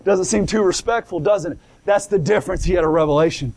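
This preacher has a high, slightly mellow voice and talks fast. He reads old-fashioned scripture wording before explaining it colloquially, with repeats and restarts and calls of "come on now" and "glory".

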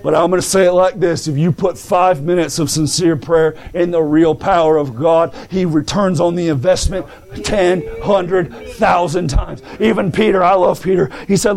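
A male preacher delivering a fervent sermon, stammering and restarting, rising to shouts. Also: high-pitched, steady tone, moderate pace, creaky.

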